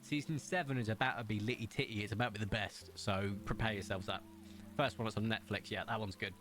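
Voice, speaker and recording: A man chatting casually to viewers while streaming, excitable and rambling, with sudden jumps up in pitch. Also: fast, over music. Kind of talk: casual live-stream chat.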